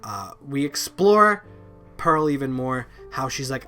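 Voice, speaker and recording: A man giving a casual, rambling review of cartoon episodes, halting and repeating words, with lots of ums and likes. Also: mid-range voice, very animated, bright, forceful tone, soft background music. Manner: loose and informal, swears offhand. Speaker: video reviewer.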